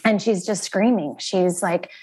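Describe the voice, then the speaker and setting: A woman's voice: on the low side, a little slow, breathy edge. Earnest woman telling a painful story. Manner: earnest and animated, acting out quoted phone calls. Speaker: interview guest. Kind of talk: emotional personal storytelling.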